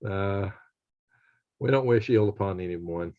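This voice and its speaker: Reading his chat aloud on a casual live stream, a low-voiced man chuckles along in a folksy, unhurried manner. The dull lo-fi stream audio carries a little hiss or hum.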